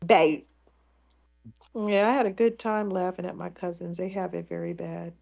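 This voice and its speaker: A woman's voice: lowish voice, steady tone, a little fast, creaky, a little mellow. A woman co-hosting a podcast, joining in teasing banter and casual chat. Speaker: podcast co-host.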